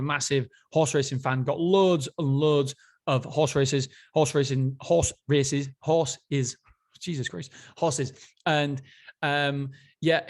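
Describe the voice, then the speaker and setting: Man, podcast host, casual book review, enthusiastic, rambling, fairly high voice. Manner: enthusiastic, rambling, self-interrupting.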